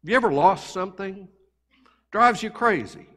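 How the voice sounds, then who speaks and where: Storytelling pastor, higher voice, church echo. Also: male voice, moderate pace. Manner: conversational, animated anecdotes. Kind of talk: sermon storytelling. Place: church sanctuary.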